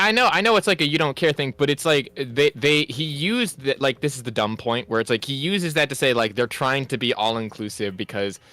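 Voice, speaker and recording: A streamer chatting casually, rambling on to explain a point. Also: male voice, medium pitch, bright, forceful tone, no echo.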